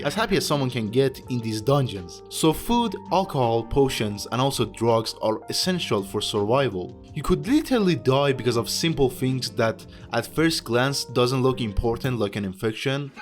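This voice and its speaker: A man's voice: medium pitch, expressive, normal speed, few pauses, soft background music. A young man giving casual game commentary in a rambling, sardonic way with jokey asides. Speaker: video game YouTuber.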